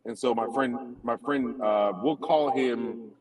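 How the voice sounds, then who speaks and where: A man in casual conversation, telling a funny personal story with lively laughter, heard from a distant phone. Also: medium pitch, slow pace. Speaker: comedian guest. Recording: distant phone audio with crowd noise. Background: crowd chatter at a cookout.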